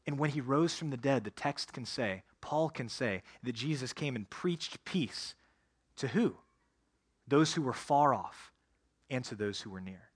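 A man's voice: mid-range voice, animated, measured pace, husky. A male pastor preaching a sermon, earnestly addressing the congregation directly.

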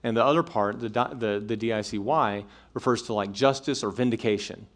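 A man's voice: on the low side, a little fast. A man giving a conversational talk to college students, with many fillers and restarts, checking in with his listeners. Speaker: speaker addressing college students. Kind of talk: apologetics talk to a live audience.

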